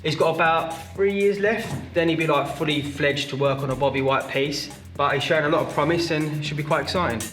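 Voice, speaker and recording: A man's voice: on the high side, fairly quick, few pauses, over loud music. A man with an East London accent, a jeweller narrating his vlog in a plain, matter-of-fact way. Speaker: jeweller and channel host.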